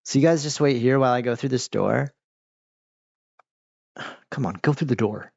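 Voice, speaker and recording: This gaming streamer has a medium-pitched, gravelly, somewhat dark voice at a normal pace. He chats casually and distractedly through a let's-play, even talking back to the characters. The dull lo-fi mic has no echo.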